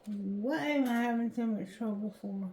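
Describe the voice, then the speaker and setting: Casting note: woman tarot reader, higher pitch, mellow tone, slow halting card reading, roomy echo.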